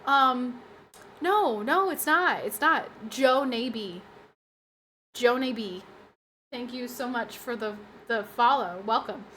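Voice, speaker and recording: A woman's voice: a little high, slow pace, fairly bright tone, a little hiss or hum. Tired, rambling woman streamer. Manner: rambling and self-deprecating, with frequent laughs. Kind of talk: casual livestream chat.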